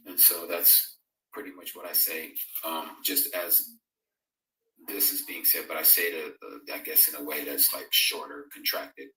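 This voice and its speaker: Speaking at a measured pace in a rumbling low voice with little pitch movement and a sharp tone, a man hosts a Bible fellowship streamed live. He chats casually, reads scripture, and reads out viewers' comments before answering them conversationally, far from the mic in an echoey space.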